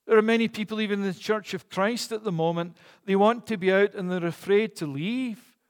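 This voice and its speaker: A man's voice: sits high, brisk. Man preaching in an echoing hall. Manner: earnest, rhetorical questions, emphatic. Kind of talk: sermon.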